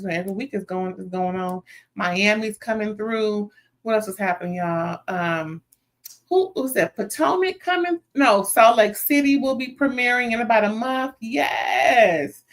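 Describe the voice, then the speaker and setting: A woman hosting a live reality TV recap, chatting straight to her viewers in a sassy, animated, casual way. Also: fairly high pitch.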